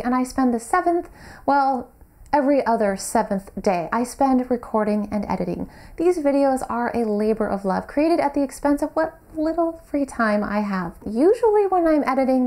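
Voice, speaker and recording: A woman's voice: a little high, darkish tone. A young adult woman vlogging about books, speaking earnestly and articulately to her viewers. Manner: earnest, articulate, self-critical in bloopers. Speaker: book vlogger. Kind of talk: scripted vlog address then outtakes.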